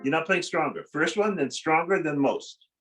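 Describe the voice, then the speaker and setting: A man's voice: fairly high pitch, moderate pace, low-quality recording. A man coaching a piano student in a lesson, blunt and corrective, often stopping the student to explain dynamics. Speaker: piano teacher in a masterclass. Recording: loud piano playing behind the voice.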